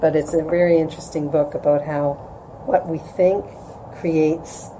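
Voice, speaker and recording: A middle-aged woman gives a relaxed religious class to a room, her voice mellow and warm. She talks conversationally, checks in with "right?", and acts out little quoted voices. A faint noise sits behind her. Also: measured pace, rough recording. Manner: conversational, asks "right?" often, acts out quotes with rising pitch. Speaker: Jewish women's class teacher. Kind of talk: informal religious lecture. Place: room with an audience.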